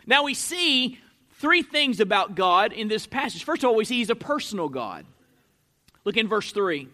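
A man preaching in a very high, sharp voice. He reads the passage and teaches from it, swelling on single words, then dropping back to let them land. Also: big pitch swings, moderate pace. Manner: emphatic, stretches key words with sudden swells in loudness. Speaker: pastor. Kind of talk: expository sermon.

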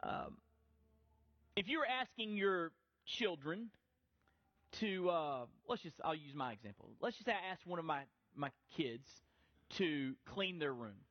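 High-voiced man preaching a conversational sermon. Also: lively intonation, measured pace, dry recording, dull audio. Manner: conversational preaching with frequent restarts. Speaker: pastor.

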